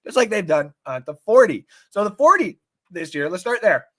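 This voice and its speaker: A man hosting a casual live-stream sports talk show, swearing often, rambling excitedly and reading out viewer comments. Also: high-pitched, moderate pace. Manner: reads out and thanks chat viewers.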